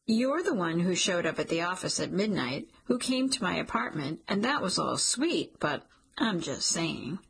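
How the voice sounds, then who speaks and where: A woman reading the lines of an earnest young man in an audiobook, gently teasing and sincere. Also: on the low side, sing-song, moderate pace, gravelly, slightly rough, exaggerated voice.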